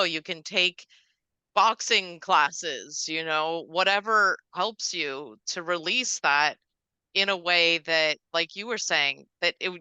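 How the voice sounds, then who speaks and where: A woman hosts a podcast interview with a very bright, sharp tone. Her voice comes through smooth and crisp, with dry, close sound. She affirms her guest and builds on her points. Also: lowish voice, no echo, rough recording. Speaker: podcast host. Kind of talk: casual interview conversation.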